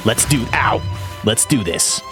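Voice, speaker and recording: A young man giving excitable let's play commentary, yelping and exclaiming during a boss fight. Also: medium pitch, unhurried, over music. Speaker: gaming YouTuber.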